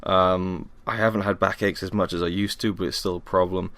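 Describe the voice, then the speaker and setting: Speaking fairly quickly in a low, steady voice with a fairly bright tone, this young man from Wales runs a laid-back solo podcast at home. Worn out from a workout, he rambles, puts himself down and says um a lot. The recording has no echo.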